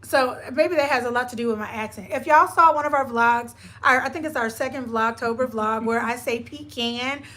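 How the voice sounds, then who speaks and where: A woman's voice: a little high, brisk, hardly any pauses, a bit bright. A woman with a Southern US accent co-hosting a live stream in casual chat, playful and laughing often as she talks to her viewers.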